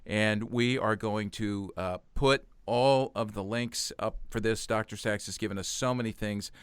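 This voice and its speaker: A man's voice: fairly low pitch, fairly even intonation, measured pace, smooth, no room sound. A man hosting a podcast, enthusiastically thanking his guest and wrapping up the episode. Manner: warmly enthusiastic, repeats thanks. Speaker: podcast host. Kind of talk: casual chat, closing an interview.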